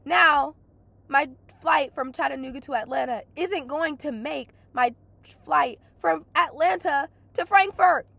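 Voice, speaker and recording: A young woman venting through a casual storytelling rant, exasperated and swearing a lot, her voice hoarse from crying. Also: sits high, a little slow, sharp tone, no echo. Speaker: vlogger.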